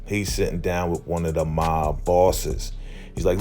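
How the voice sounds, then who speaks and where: A man's voice: deep voice, flat delivery, measured pace, warm tone, soft background music. A man casually recapping a TV episode, loosely retelling scenes and slipping into the characters' lines with "he's like" and "man.". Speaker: TV recap vlogger.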